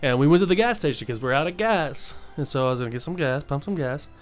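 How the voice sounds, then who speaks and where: A man's voice: fairly high pitch, animated, fast, soft background music. A young man talking casually and earnestly to his viewers, rambling with many fillers and restarts. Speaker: vlogger. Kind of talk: casual motivational monologue.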